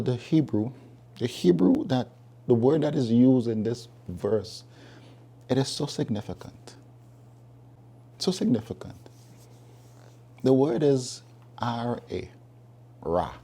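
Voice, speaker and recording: Male preacher with a mellow, husky voice, emphatic, repeats points for weight. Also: medium pitch. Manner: emphatic, repeats key phrases, reasons with listeners. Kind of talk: sermon.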